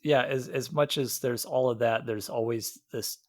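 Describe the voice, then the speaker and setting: A man's voice: medium pitch, steady tone, normal speed, no echo, studio quality. A man from Iowa co-hosting a podcast, chatting casually about a movie with many fillers and restarts. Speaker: podcast co-host.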